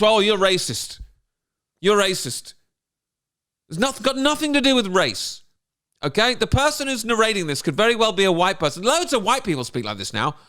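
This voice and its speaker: Sarcastic ranting man, lively pitch. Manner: sarcastic, mocking, indignant. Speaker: comedian. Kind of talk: ranting commentary.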